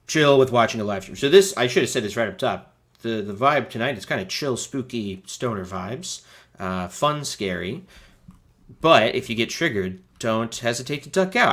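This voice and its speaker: A man's voice: lowish voice, fairly bright tone. A man hosting a live stream, talking casually in a laid-back, rambling way with many fillers and restarts. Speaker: streamer host.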